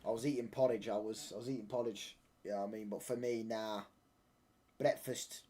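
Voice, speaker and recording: A man's voice: on the low side, fairly even intonation, fairly quick, mellow, a little hiss or hum. A young man hosting a live football watchalong stream from home, reading out viewer chat and answering it with bantering, mock-indignant talk. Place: home room.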